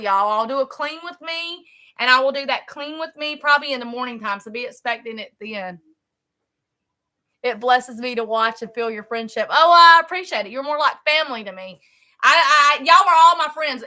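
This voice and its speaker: A woman's voice: fairly high pitch, pushed and bright. A woman hosting a live stream at home, chatting in a folksy, repetitive way and calling her viewers "y'all". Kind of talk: casual live-stream chat. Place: home, a trailer.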